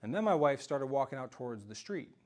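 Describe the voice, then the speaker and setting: A man telling a story in an animated, self-mocking way during a talk to a live audience. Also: mid-range voice, fairly quick. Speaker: speaker giving a self-defense talk.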